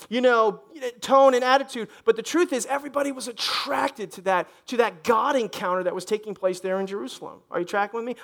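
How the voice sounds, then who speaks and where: A middle-aged man, a pastor, preaching a sermon in a church in an animated, conversational way, often restarting his sentences and speaking directly to the congregation. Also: very high voice.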